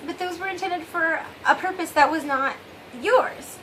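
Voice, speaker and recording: Her voice is extremely high and a bit bright, at a moderate pace, captured in poor audio with a little hiss or hum. She hosts her own vlog, addressing viewers directly in a loose, confessional ramble full of trailing "I don't know"s and wry self-deprecation.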